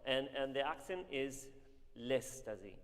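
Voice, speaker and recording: Male voice coach, lively and emphatic, heard in a reverberant hall with some music. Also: medium pitch, measured pace. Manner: animated, emphatic, dramatic coaching. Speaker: voice teacher. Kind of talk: masterclass coaching.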